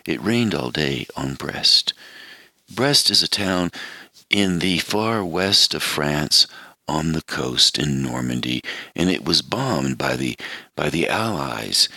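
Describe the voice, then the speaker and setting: An American man in his seventies telling a reflective personal story in an animated, swooping way. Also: very deep voice, gravelly, husky, no echo.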